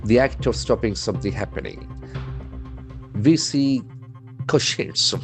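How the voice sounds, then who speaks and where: A man with an Indian English accent teaching English words from a newspaper, spelling them out letter by letter and repeating each word slowly. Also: on the low side, faint music behind. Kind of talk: newspaper vocabulary lesson.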